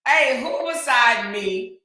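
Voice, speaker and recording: A woman hosts a livestream, talking slowly to her viewers in a bright, high voice. She laughs until she is in tears, breaking off mid-sentence again and again. The room around her is very echoey. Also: expressive. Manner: talks straight to her viewers with lots of slang. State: crying with laughter. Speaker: livestream host reading chat. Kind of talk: casual chat.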